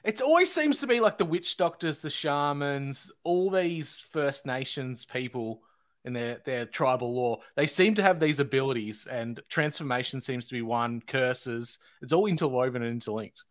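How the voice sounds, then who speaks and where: A man's voice: mid-range voice, lively intonation, moderate pace. A man chatting casually on a podcast, joking and musing.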